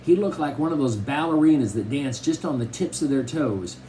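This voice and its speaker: Male reader for a kids' novel, lively rise and fall, faint hiss behind. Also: medium pitch, moderate pace. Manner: expressive storytelling, first-person boy narrator. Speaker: audiobook reader. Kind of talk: reading a children's novel aloud.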